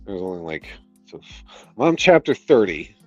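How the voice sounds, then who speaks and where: Man, streamer reading a book aloud, sardonic, exasperated, swears a lot, low voice, faint background music. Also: sing-song, moderate pace, a little mellow, no room sound. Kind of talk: book reading with casual commentary. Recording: dull lo-fi audio, faint music.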